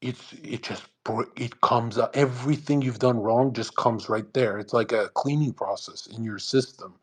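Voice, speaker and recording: A brash man hosting a live audio chat, talking fast and profanely and mocking others with put-on voices. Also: mid-range voice, breathy edge. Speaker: host of a live audio space.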